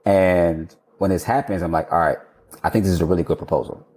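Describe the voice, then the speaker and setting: Male guest, 30s, deep warm voice, casual storyteller, laughs often, swears casually. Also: fairly even intonation, a little fast. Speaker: architect guest.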